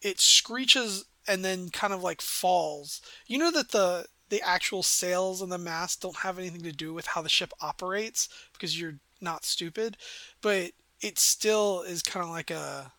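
Brief: male game master, high bright voice, dry close sound, loose descriptive narration. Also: a little slow, no echo. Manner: rambling, descriptive, many fillers.

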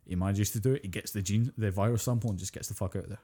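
A man, co-hosting a podcast and retelling a video game's story in casual, animated chat, swearing freely as he goes. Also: lowish voice, rapid-fire, breathy edge. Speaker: podcast co-host.

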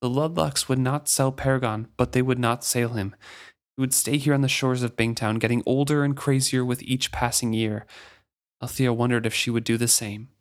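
A man reading a fantasy novel aloud on a podcast. His delivery is steady and measured, and his voice sits at an ordinary, mid-range pitch. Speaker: podcast co-host.

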